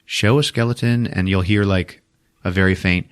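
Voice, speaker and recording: A man hosting a podcast, retelling a movie in a profane, animated way. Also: on the low side, a little slow, long pauses. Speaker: podcast host. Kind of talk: casual movie recap. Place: podcast studio.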